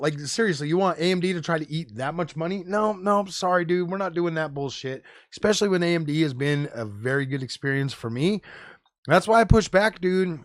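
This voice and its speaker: Animated profane streamer, slangy rant. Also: male voice, a little high, fairly quick, no room sound, studio quality. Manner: animated, profane, slangy with frequent "bro" and "dude". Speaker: tech streamer host. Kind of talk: casual live-stream rant.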